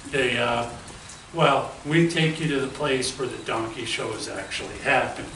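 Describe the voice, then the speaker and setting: A man of middle pitch hosts a loose, rambling interview and keeps tacking "right?" onto his sentences. He sits away from the microphone in an echoey room with a steady hiss of noise behind him. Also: measured pace. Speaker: interviewer host. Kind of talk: casual interview. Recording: echoey room, far from the mic, noisy.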